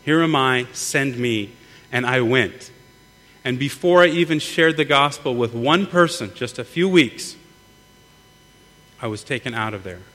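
A man's voice: medium pitch, lively intonation, measured pace, pauses often, a bit bright. A middle-aged man preaching a sermon earnestly, often repeating words as he builds. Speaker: pastor. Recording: long hall reverb, mains hum.

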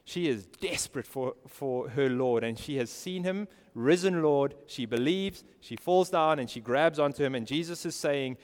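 A man's voice: on the high side, normal speed, hardly any pauses, in a large hall. A man preaching a sermon earnestly, asking his listeners direct questions. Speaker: pastor.

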